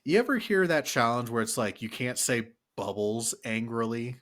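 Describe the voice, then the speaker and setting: A man's voice: medium pitch, very animated, normal speed, fairly bright tone. A man co-hosting a podcast, chatting casually about a movie, rambling with fillers and restarts. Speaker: podcast co-host.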